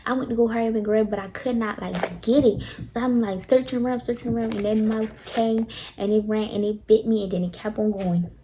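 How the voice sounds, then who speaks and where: A young woman vlogger telling a storytime tale to her viewers, animated and dramatic, talking straight to them. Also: on the high side, a little fast, slight background noise. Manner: animated, dramatic retelling, addresses viewers directly. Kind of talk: casual storytime.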